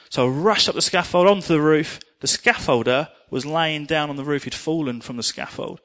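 Earnest preacher telling a testimony. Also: male voice, fairly high pitch, a little fast, hardly any pauses. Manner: animated storytelling, earnest. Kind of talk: sermon with personal testimony.

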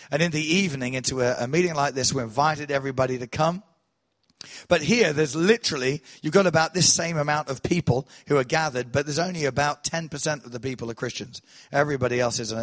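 A man preaching to a congregation, telling a testimony with animated storytelling that swells loud and then drops soft. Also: mid-range voice, brisk. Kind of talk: sermon testimony.

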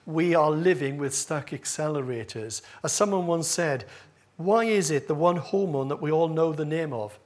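A man's voice: fairly high pitch, normal speed, darkish tone. A male pastor preaching a sermon to his congregation, with a humorous, self-deprecating manner. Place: church with congregation. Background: congregation laughing.

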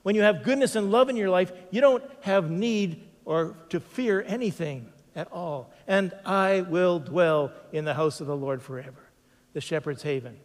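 A man preaching a sermon as pastor, emphatic, slowing down to stress repeated phrases. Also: high voice, in a large hall.

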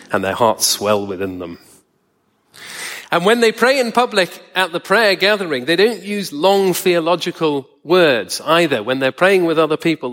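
A man preaching a sermon in a measured, wry, conversational way, slowing down to stress words. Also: fairly high pitch, fairly bright tone. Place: church hall. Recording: long reverb of a church hall.

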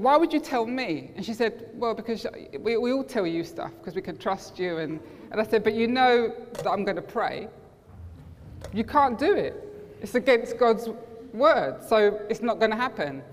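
A woman preaching a sermon, telling personal stories in an earnest way and acting out what her friends said. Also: medium pitch. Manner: personal storytelling, earnest, acts out quoted friends. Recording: reverberant hall.

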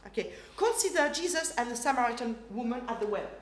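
A woman's voice: a little high, lively intonation, quick pace. A middle-aged woman preaching a sermon, telling stories animatedly and acting out voices. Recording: roomy hall with faint noise.

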